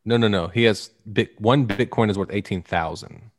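A man's voice: fairly low pitch, moderate pace, slight background noise. A man hosting a casual podcast, rambling and joking with his co-hosts. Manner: rambling, joking, restarts a lot. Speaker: podcast host.

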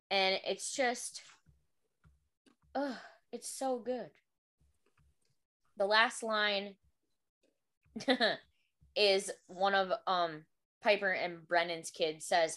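A woman's voice: mid-range voice, fairly even intonation, slow, long pauses, fairly bright tone. A woman co-hosting a casual book podcast, talking enthusiastically about a favorite story. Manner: enthusiastic, frequent "like" fillers. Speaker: podcast co-host.

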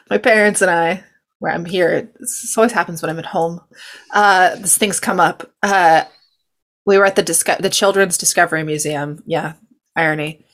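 A woman's voice: lowish voice, steady tone, moderate pace, fairly bright tone. A young woman from California hosting a podcast, chatting casually and giggling through a rambling story. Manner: chatty and giggly, lots of fillers and asides. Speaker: podcast host. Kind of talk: casual chat.

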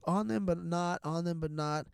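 A man's voice: on the high side, normal speed, gravelly, smooth, dry recording. A middle-aged man talking as a podcast guest in a candid, casual chat, rambling and profane, with many restarts and fillers.

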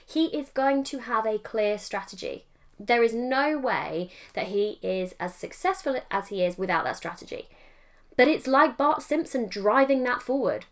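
A woman talks through her podcast alone in an easy, chatty way. Her voice sits a little high, and she slips into animated quoted voices while fixing her own words as she goes. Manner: chatty, self-correcting, animated quoted asides. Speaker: podcast host and mindset coach. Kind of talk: solo podcast monologue.

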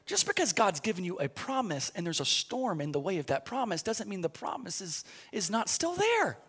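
A man preaching a sermon as pastor, telling the story in a conversational way, often repeating words as he starts sentences, and building to shouted, rising preaching. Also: high-pitched, very animated, moderate pace, slightly rough.

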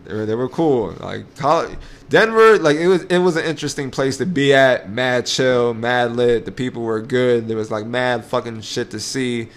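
A man's voice: mid-range voice, moderate pace. A young man with a New York accent chatting casually on a podcast, loose and profane, laughing often. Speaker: podcast co-host. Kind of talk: casual chat.

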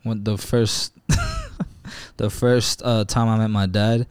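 A man's voice: fairly low pitch, level tone, takes it slowly, clean tone, dry recording. A man in casual chat, telling a profane story and often adding "bro" and "right?".

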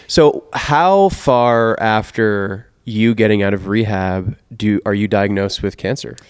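A man co-hosting a podcast who asks relaxed, joking follow-up questions in casual chat. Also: on the low side, takes it slowly, clear, resonant tone, in a large hall. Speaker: podcast co-host.

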